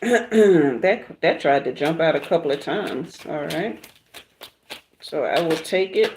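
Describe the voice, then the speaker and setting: Slow, relaxed Southern woman reading tarot. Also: deep voice, background noise. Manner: relaxed, chatty, drawn-out pauses. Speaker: tarot reader livestream host. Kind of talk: casual livestream chat and tarot reading.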